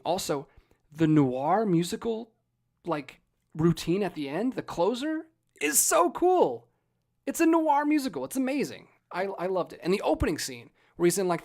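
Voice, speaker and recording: A man in his thirties hosting a casual live stream, animated and ranting with jokey asides while reading out chat. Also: sits high. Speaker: livestream host.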